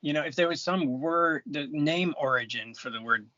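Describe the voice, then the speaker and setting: Man podcast co-host, casual easygoing chat, fairly high voice, dry muffled sound. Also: moderate pace, sharp tone, no room sound.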